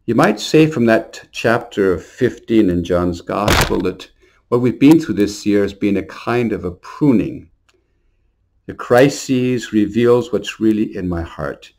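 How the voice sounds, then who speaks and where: A male priest speaks in a low, steady voice. He delivers a short New Year homily earnestly, moving into storytelling and now and then repeating a word as he goes. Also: measured pace. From Montreal.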